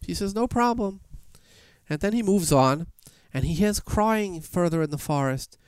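A man preaching a sermon and telling a fable, animated, with sweeping emphatic rises in his voice. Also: fairly high pitch, moderate pace, smooth, no echo. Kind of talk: sermon with storytelling.

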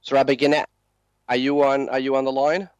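A man's voice: mid-range voice, level tone, fairly quick, a little mellow, clear, resonant tone, dry recording. Earnest man hosting a talk program. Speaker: talk show host.

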